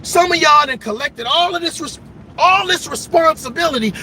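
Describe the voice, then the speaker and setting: A man delivering an impassioned motivational speech to his viewers. He talks in a preachy, repetitive way and keeps breaking into emphatic shouts. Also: very high-pitched, animated, normal speed. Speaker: motivational vlogger.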